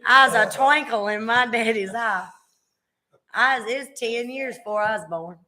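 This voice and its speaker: Podcast host, woman, thirties, slightly high and bright, teasing, drawling chat. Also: moderate pace, slight background noise. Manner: chatty and teasing, drawling with frequent fillers. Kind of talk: casual chat.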